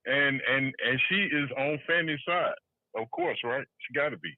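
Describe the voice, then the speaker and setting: Man, podcast co-host, casual political chat, halting restarts, phone-like audio, dry. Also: medium pitch, no room sound. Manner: loose, laughing, halting restarts. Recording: tinny phone-line audio.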